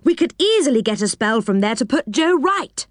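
A woman's voice: high-pitched, big pitch swings, moderate pace, dry recording, clean studio sound, pitched above the performer's own voice. A woman voicing a kindly male character in a storybook, talking in a fussing, friendly way. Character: kindly, cheerful male tree-dweller.

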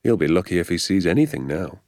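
An audiobook reader voicing an easygoing, playful father who poaches, with a calm, knowing manner. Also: deep voice, fast, no room sound, clean studio sound. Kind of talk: audiobook character voice.

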